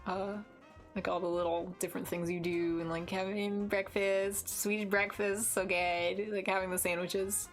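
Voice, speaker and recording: A young American woman chats on her art stream, rambling and restarting her sentences with plenty of fillers. Her pitch sits in the middle. Soft music plays faintly behind her. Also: little pitch movement, moderate pace. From United States. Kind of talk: casual chat while drawing on stream. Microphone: desk mic with headphones.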